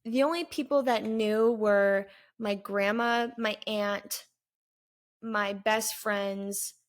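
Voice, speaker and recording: A woman in her twenties, a vlogger, candidly recounting a personal story in an earnest, halting way with pauses. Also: medium pitch, steady tone. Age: 20s.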